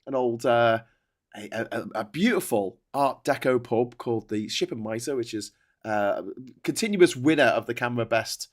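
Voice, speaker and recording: A man with a Liverpool accent hosting a casual livestream chat, animated and joking with quick bursts of laughter. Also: medium pitch. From Liverpool, England. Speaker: host.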